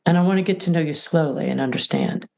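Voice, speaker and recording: A woman's voice: sits low, huge pitch swings, quick pace, darkish tone. A middle-aged woman, a mediator and podcast guest, giving emphatic advice and acting out little scenes as she explains. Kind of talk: animated advice talk.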